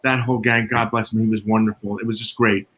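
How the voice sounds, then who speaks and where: A man working as a sound engineer tells animated stories, acting out quoted dialogue. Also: fairly low pitch, fast talker, low-quality recording. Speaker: guest, concert and theater sound engineer. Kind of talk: storytelling in casual chat. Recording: noticeable background noise.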